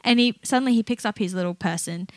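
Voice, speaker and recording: A woman who works in child therapy chats casually on a podcast, telling stories animatedly and acting out the different voices. She speaks quickly in a mid-range voice, with no echo in the recording.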